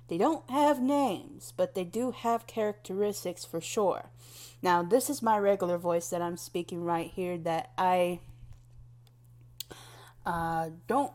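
Young woman just rambling on slow, lowish voice, wanders around and restarts a lot, kinda self-deprecating. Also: a little mellow.

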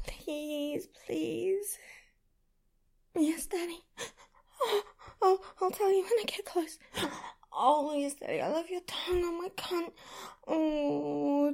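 Very high, slow, gravelly woman's voice. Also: expressive, a little mellow. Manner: pleading, breathless, slips into whispers. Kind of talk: adult audio role-play.

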